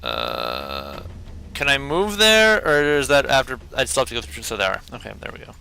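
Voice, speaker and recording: A man's voice: medium pitch, wildly swooping pitch, moderate pace, gravelly, bright, forceful tone. A man playing a tabletop game, thinking aloud and second-guessing his moves. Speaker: player.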